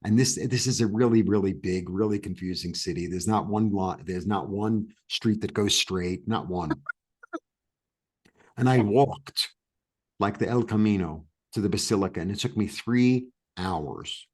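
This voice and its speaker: A man's voice: fairly low pitch, a little slow, slightly rough. Rambling storytelling man from New York. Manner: rambling, many restarts and fillers, animated. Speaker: interview guest. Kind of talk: casual storytelling chat.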